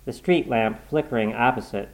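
A man reading a horror story aloud in a measured, suspenseful narration. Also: mid-range voice, rough recording.

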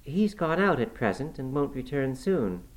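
A man voicing a brisk, motherly middle-aged housekeeper who fusses over her guest. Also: mid-range voice, sing-song, voice pushed up, close to an everyday voice, rough recording. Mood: bustling. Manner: brisk, fussing, hospitable. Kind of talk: audiobook character voice.

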